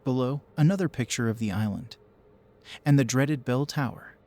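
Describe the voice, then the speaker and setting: A man narrating a first-person horror story in a steady, measured storytelling voice. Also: mid-range voice.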